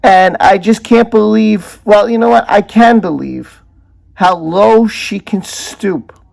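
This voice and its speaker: A man's voice: sits high, slow pace, gravelly, darkish tone. A man hosting his own channel, giving indignant and emphatic commentary and stacking up strong words. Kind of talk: opinionated video commentary.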